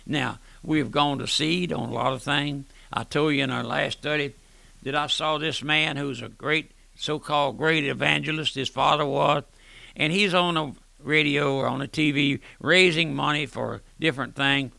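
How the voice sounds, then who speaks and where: An older man preaching a fervent radio sermon, often repeating "my friend" and swinging between loud and soft. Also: a little high, creaky, no room sound.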